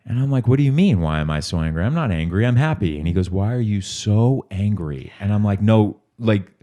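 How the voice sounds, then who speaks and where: A man's voice: lowish voice, expressive, brisk, dark tone. A man hosting a recovery podcast who tells candid personal stories and acts out the voices in his quotes. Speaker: podcast host. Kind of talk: interview conversation.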